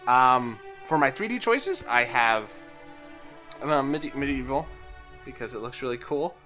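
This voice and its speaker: A man's voice: medium pitch, lively intonation, unhurried, sharp tone, faint music behind. A man chatting hesitantly on a gaming podcast, with many fillers and restarts. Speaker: podcast co-host. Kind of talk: casual chat.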